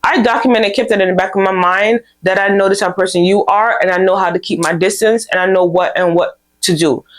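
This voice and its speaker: A woman's voice: medium pitch, brisk, hardly any pauses. Candid young woman giving life advice. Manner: candid, animated storytelling with quoted dialogue. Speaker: vlog host. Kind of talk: casual advice talk to camera.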